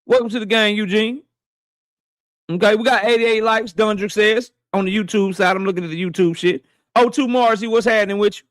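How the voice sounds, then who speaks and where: A high-pitched man talks casually into a dry, close mic from his office. He hosts a live stream, cursing freely and greeting viewers one after another. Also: no echo. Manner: loose, profane, shouting out viewers by name. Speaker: boxing live-stream host. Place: home office.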